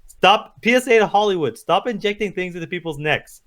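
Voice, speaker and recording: A man co-hosting a casual movie review chat, excitable and profane, acting out his own reactions as he talks. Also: sits high, fairly quick. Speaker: podcast co-host.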